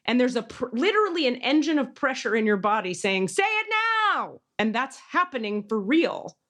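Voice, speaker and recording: A woman's voice: a little high, expressive, a little fast. Emphatic woman in casual chat. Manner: intense, emphatic storyteller who acts out quoted voices. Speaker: podcast host.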